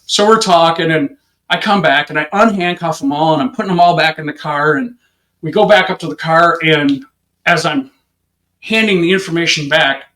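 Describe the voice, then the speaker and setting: A man, a police officer and interview guest, telling a story in a lively, conversational way and acting out the people in it. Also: on the high side, normal speed, roomy sound, low-quality recording. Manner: conversational, peppered with "you know". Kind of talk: animated anecdote telling.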